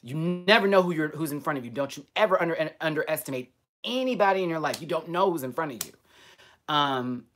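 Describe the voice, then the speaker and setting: A man vlogging live to his viewers, telling a personal story in an outspoken way with lots of swearing. He talks straight to the audience, swinging from loud emphasis to quiet asides. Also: fairly high pitch, expressive, fairly quick, slight background noise. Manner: frequent profanity and direct address to viewers. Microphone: webcam or computer mic on a live stream.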